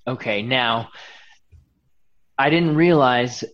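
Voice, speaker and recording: A man's voice: mid-range voice, takes it slowly, a bit bright. A male show host asking a guest questions, often restarting them as he goes. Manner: inquisitive, restarts his questions. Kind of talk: interview questions. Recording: dull lo-fi audio.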